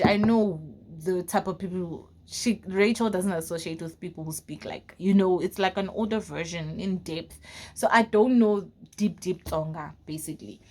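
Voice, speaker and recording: A young woman from South Africa telling a personal story in a casual vlog, full of fillers and often dropping to a low, quiet voice. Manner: casual, frequent fillers like "like" and "you know". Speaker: vlogger.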